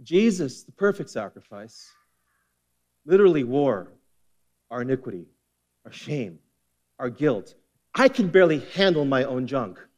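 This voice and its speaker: A man preaching a sermon as pastor, impassioned, swinging between forceful emphasis and hushed intensity. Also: mid-range voice, sing-song, a little slow, long pauses.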